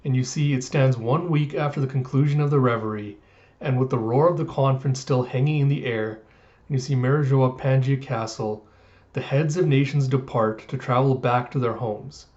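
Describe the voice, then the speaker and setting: A man's voice: mid-range voice, normal speed, darkish tone. A man retelling a comic chapter in a casual recap, loose and full of asides, as a reviewer on a dull lo-fi recording. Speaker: manga reviewer.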